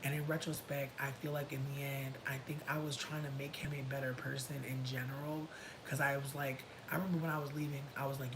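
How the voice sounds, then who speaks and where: A livestream host casually tells his viewers a personal story, sassy and dramatic, tossing in slangy asides. His delivery is flat and a little fast. Low rumbling noise sits in the background.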